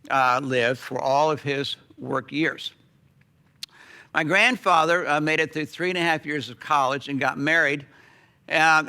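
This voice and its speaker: A middle-aged pastor telling a story in a sermon, animated, with sudden drops to a hush. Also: male voice, a little high.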